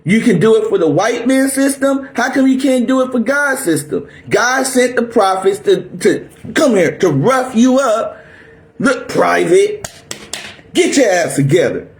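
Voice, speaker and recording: A man's voice: very high voice, lively intonation, normal speed, few pauses. A man preaching a fiery, aggressive sermon, barking at his listeners in a confrontational, drill-sergeant manner. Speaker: preacher teaching scripture.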